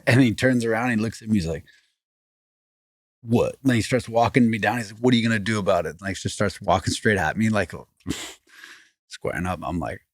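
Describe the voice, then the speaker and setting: A man, a podcast guest telling a story in rambling, animated casual talk full of restarts. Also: lowish voice, moderate pace, no echo, studio quality. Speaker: podcast guest, former fighting champion.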